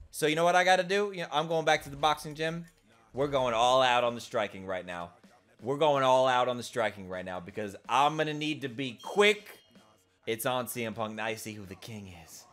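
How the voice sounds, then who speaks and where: Young man, gaming commentary, playful trash talk, shouts, bright forceful voice, lively pitch. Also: normal speed. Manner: hyped trash talk with loud shouted bursts; playful, jokey. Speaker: gaming YouTuber. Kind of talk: gameplay commentary.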